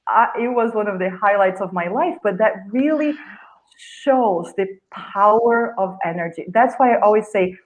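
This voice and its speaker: A woman, a guest healer, telling an animated story over a video call and acting out sounds and gestures. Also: mid-range voice, moderate pace, poor audio. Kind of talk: storytelling in a live video chat.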